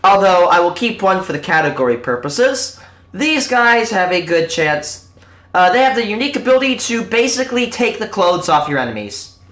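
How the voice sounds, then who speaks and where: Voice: mid-range voice, sing-song, normal speed, fairly bright tone, roomy sound. A live streamer chatting casually to viewers while opening loot, in a hyped game-show-host manner.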